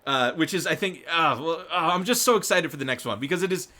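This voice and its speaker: A man's voice: a little high, fast, sharp tone. A man hosting live political commentary, reading news aloud and breaking in with rambling, swearing asides and frequent laughs. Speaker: show host.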